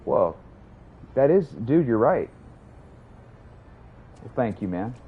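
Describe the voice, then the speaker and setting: A man's voice: medium pitch, very animated, slow, breathy edge, phone-quality sound. A young man chatting casually while livestreaming a game, rambling, swearing and answering his chat. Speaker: streamer.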